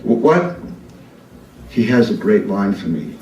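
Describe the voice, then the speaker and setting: A man's voice: lowish voice, sing-song, a little slow, lo-fi sound, noisy background. A man in his seventies doing a profane, rambling comic monologue on a live club stage, full of restarts. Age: 70s. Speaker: performance artist. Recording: roomy live club sound, distant mic.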